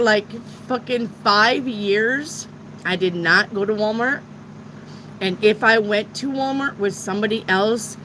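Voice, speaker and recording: A woman's voice: medium pitch, sharp tone, slight background noise, poor audio. A middle-aged woman who reads tarot, telling a personal story in a casual, rambling way and swearing freely. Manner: frank and profane, rambling retelling. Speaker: tarot reader.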